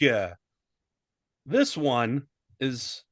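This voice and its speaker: A man with a mid-range, slightly bright voice co-hosts a casual comedy podcast, animated and speaking at a measured pace on a dry recording. He jokes crudely, riffs, and slips into a mock English accent.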